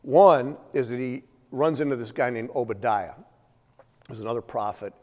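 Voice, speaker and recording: A man's voice: mid-range voice, moderate pace, a little mellow. A man preaching a sermon, retelling a story in a conversational way with many fillers and humorous asides. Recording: long hall reverb.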